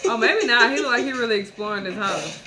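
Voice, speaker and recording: A woman's voice: a little high, expressive, fast talker, very noisy. A woman hosting a reaction video, making blunt, swearing quips. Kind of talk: casual reaction commentary. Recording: echoey room with loud music.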